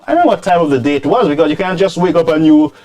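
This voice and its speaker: A man hosting political commentary, scolding and animated, dropping into Creole phrases. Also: a little high, racing. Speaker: commentary show host.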